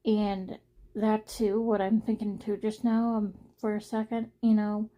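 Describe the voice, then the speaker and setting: A woman's voice: medium pitch, flat delivery, measured pace, mellow. A young woman talking casually to her viewers in a personal vlog, rambling and earnest, often repeating herself. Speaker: vlogger.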